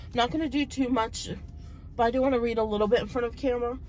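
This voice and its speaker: A woman in her thirties, a book vlogger, chatting casually and retelling a plot in a rambling way, her voice a little hoarse from talking so much. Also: a little high, fairly even intonation, fast talker, darkish tone, slight background noise, poor audio. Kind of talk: casual book vlog chat.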